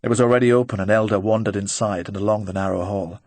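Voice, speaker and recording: A man with a fairly low voice narrates a crime novel at a measured, even pace. He is close to the mic, and the recording is dry with no room sound. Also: no echo. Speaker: audiobook narrator. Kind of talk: scripted narration.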